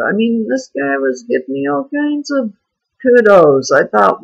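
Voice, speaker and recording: Husky gravelly voice, slow unhurried talk, frank rambling video diary, dull lo-fi sound. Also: medium pitch, sing-song. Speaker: vlogger. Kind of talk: candid personal video diary.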